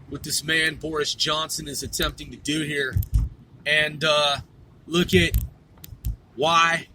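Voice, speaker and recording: A man's voice: on the high side, background noise. A man hosting a vlog, ranting profanely and arguing with a voice assistant in exasperation. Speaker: vlog host. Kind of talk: ranting commentary.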